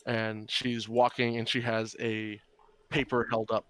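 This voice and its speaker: A man's voice: mid-range voice, level tone, a little slow, background noise. A young man narrating as game master, casual and rambling. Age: young adult.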